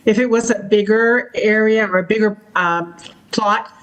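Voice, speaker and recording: A woman speaking at a public hearing, polite and hesitant with many pauses. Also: mid-range voice, steady tone, dull audio.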